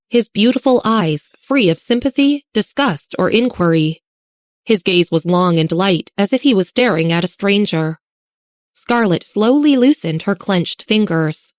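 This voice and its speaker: A woman narrating an audiobook in a slow, even reading manner. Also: mid-range voice, no room sound, studio quality. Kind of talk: scripted narration.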